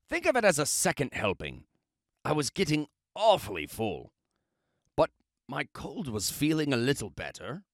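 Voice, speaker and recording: A man reads a children's storybook aloud, his pitch swinging animatedly as he chats his way through it. He sounds expressive and a little self-justifying. The sound is close and dry. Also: no echo. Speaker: storybook reader. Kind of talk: children's book read-aloud, first-person wolf narration.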